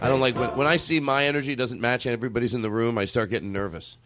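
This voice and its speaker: A man's voice: mid-range voice, quick pace, fairly bright tone, faint music behind. A man hosting a comedy podcast in casual chat, rambling and going off on tangents. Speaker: podcast host.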